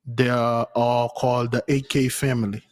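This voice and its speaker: A man hosting his channel, talking casually and haltingly with many fillers. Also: medium pitch, flat delivery, in a large hall. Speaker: channel host. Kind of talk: casual talk with an AI.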